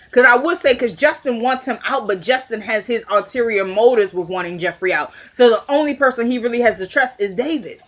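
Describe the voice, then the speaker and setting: Woman vlogger, slightly high voice, casual and talkative, recaps episodes straight to camera. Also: sharp tone. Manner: chatty, addresses viewers directly, acts out dialogue.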